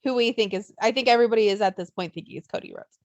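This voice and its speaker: A young woman co-hosting a casual wrestling podcast, blunt and animated, swearing freely and acting out what fans would say. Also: mid-range voice, racing, no room sound, dull audio. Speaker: podcast co-host.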